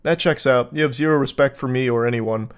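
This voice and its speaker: A man's voice: mid-range voice, fairly quick, clean tone. A man giving sarcastic, exasperated commentary while reading out text messages, often breaking into laughter.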